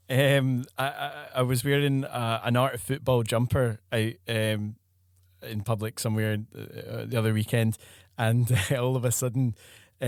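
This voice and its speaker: A man's voice: mid-range voice, dry recording. Scottish man, thirties, laid-back storyteller, dry close recording. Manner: relaxed storytelling with many fillers. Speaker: guest, football filmmaker. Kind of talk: casual podcast chat.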